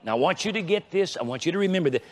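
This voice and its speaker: A man with a high-pitched, lively voice preaches very fast as a pastor, leading his congregation in call-and-response. He's repetitive, often stumbling and restarting over repeated words as he builds his point. The long reverb of a large church hall surrounds him.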